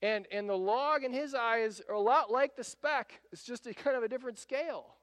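A male pastor preaches in a relaxed, conversational way, with a high and smooth, resonant voice. His words carry through a large church sanctuary with a long reverb tail. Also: moderate pace. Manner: conversational preaching, acting out quotes. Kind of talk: sermon.

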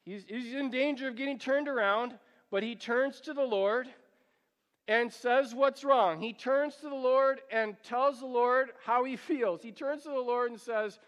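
A man's voice: very high-pitched, a little slow, a bit bright. A male pastor preaching a sermon, earnest and pleading, drawing the congregation into reading along. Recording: long hall reverb.

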